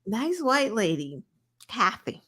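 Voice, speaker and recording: A woman co-hosting a podcast, telling stories in a lively, animated way with swearing. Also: on the high side, slow, breathy edge. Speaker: podcast co-host. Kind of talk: casual chat.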